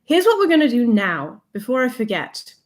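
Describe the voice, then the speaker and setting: A young woman chats her way through a casual livestream from a desk mic, playful and quick to laugh. She reads out viewer comments and now and then slips into a soft whisper. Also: fairly high pitch, sing-song. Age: young adult. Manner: drops to a soft whisper at times. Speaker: livestream host.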